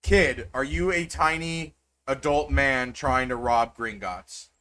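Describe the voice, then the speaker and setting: A man voicing a tall, stern male wizard officer in a tabletop game, gruff and exasperated. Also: mid-range voice, slow, sharp tone.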